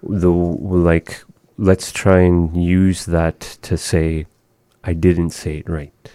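Very low, dark-voiced man teaching slowly. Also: flat delivery, clean tone, no room sound. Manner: slow, patient, modeling words carefully. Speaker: language teacher. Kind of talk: conversational language lesson.

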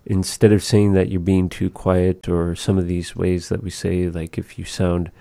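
Deep mellow guy teaching words of his language, repeats stuff patiently. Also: little pitch movement, normal speed, gravelly, no room sound. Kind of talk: casual language lesson.

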